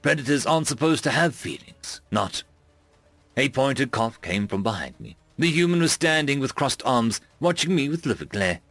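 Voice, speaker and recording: A man narrating first-person fiction in an expressive reading voice. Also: medium pitch, moderate pace, no room sound, soft background music. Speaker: audiobook narrator.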